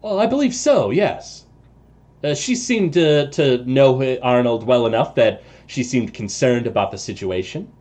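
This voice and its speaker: A man's voice: mid-range voice, expressive, a little slow, a little mellow, close to an everyday voice. A man voicing a nervous, formal male house servant in a tabletop game, speaking hesitantly and adding "sir" often. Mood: deferential.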